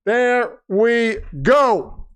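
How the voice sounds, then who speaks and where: A man hosting a live watch-party stream from a home setup, chatting casually and breaking into loud wrestling-announcer shouts. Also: extremely high pitch, drawn-out words, clear, resonant tone. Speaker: livestream host.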